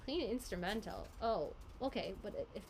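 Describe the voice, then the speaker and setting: A woman voice actress casually chatting and answering fan questions on a live stream, giggly and quick. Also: mid-range voice, lively intonation, noisy background.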